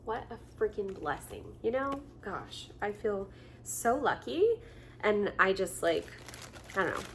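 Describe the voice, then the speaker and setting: A woman vlogger chatting casually at home as she unboxes gifts, gushing and excited, laughing often and filling her talk with chatty asides. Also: medium pitch, a little slow, a little hiss or hum. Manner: chatty with frequent fillers.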